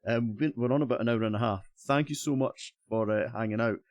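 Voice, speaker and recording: A man's voice: medium pitch, quick pace, a little mellow, no room sound. Scottish guy hosting a gaming stream, chatty, trips over his words a lot, dry sound no room. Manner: chatty, cheerful, stumbling restarts. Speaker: streamer host. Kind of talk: casual stream chat.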